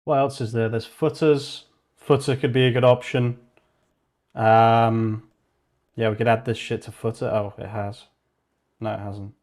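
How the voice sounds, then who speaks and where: A young man talks to himself while he works through a coding session, thinking aloud in a loose, offhand way. He drops casual swears between muttered remarks, and his voice sits at an ordinary middle pitch. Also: level tone, a little slow, darkish tone. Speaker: vlogger coding on stream.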